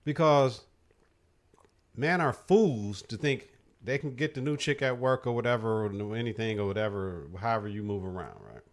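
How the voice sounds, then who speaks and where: A man's voice: fairly low pitch, moderate pace. A man hosting a podcast, giving blunt, profane opinions in casual chat. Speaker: podcast host.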